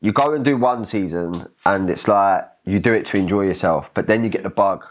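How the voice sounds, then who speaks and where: English podcast host, young guy, low voice, kinda rambly and thoughtful. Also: a little fast. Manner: reflective, loose and rambling. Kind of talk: casual chat.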